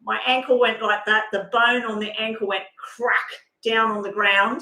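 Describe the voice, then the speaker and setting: A middle-aged woman talks casually on a home live stream, rambling from one point to the next and acting out bits of her story. Her voice sits a little high, and the room around her is echoey. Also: moderate pace. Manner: rambling, animated storytelling with acted-out quotes. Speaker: live-stream tarot reader.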